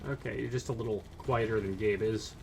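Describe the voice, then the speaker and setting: A man's voice: fairly low pitch, fairly even intonation, brisk, darkish tone, a little hiss or hum. Teasing man on a voice call. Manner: teasing, playful. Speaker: co-host of a gameplay commentary. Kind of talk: casual chat.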